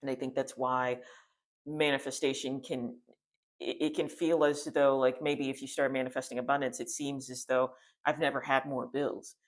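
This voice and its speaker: Male spiritual teacher, mid pitch, casual rambling storytelling delivery. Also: level tone, normal speed. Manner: rambling, many restarts and fillers, conversational.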